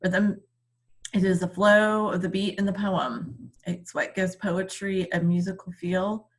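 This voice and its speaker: Slow, patient woman teacher. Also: medium pitch, steady tone. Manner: slow, patient explaining with frequent ums. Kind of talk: recorded online reading lesson.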